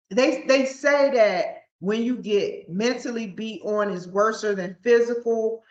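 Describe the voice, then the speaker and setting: A woman's voice: mid-range voice, a bit bright. A woman hosting her own podcast in a casual, rambling solo talk, often restarting her sentences. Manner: rambling, with frequent restarts and stumbles. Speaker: podcast host. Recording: roomy, dull lo-fi sound.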